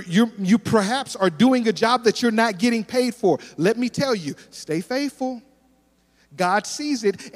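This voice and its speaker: A male pastor preaching a sermon, telling animated stories and acting out the dialogue. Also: high-pitched. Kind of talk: sermon with storytelling. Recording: long reverb of a large hall.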